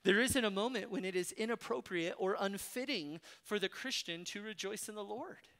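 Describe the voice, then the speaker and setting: In an expository sermon, a preacher speaks with firm emphasis, urging his listeners directly and using rhetorical questions to press each point. The voice is medium in pitch and fairly bright, at a normal speed.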